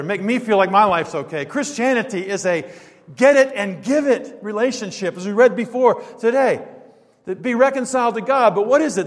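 A man's voice: very high voice, big-room sound. A male preacher delivering a sermon, emphatic and full of rhetorical questions, quoting scripture and chuckling at his own stories.

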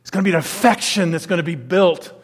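A man preaching a sermon, swinging between quiet, low asides and loud, emphatic declarations. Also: fast talker, breathy edge, big-room sound.

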